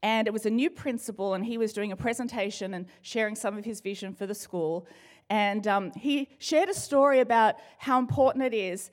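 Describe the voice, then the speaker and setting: A woman's voice: mid-range voice, brisk. A middle-aged woman giving a conversational sermon, playful and joking as she talks straight to the congregation. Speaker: church speaker.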